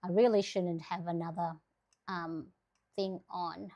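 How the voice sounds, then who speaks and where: A woman's voice: fairly low pitch, steady tone, measured pace, mellow, muffled recording. A woman hosting a casual planner livestream, chatting to viewers and explaining step by step as she works at her desk. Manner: chatty, rambling, laughs often, talks to viewers; explains step by step while working.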